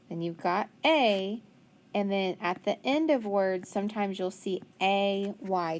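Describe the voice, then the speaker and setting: Slow-talking woman phonics teacher. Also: medium pitch, slight background noise. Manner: patient, praising, asks questions and answers them; spells letters out one at a time. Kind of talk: phonics lesson to young pupils.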